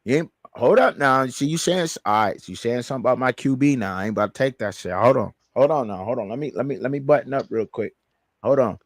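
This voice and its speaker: A man co-hosting a sports show, talking in an animated, slangy way and repeating himself as he argues. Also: mid-range voice, quick pace, no echo. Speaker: show co-host, fan. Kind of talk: heated sports banter.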